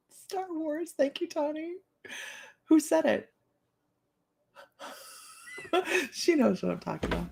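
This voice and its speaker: Gravelly, laughing woman in her fifties. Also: high-pitched, very animated, extremely slow, long pauses, a little mellow. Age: 50s. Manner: laughs often, playful, talks straight to viewers. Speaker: psychic reader hosting a live stream. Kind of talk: casual live-stream chat with viewers.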